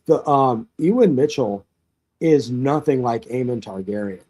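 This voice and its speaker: A man's voice: mid-range voice, expressive, a little slow, warm tone, slightly rough. A man co-hosting a casual reaction chat about a TV episode, talking in an easygoing, slangy way and often saying "dude". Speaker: co-host.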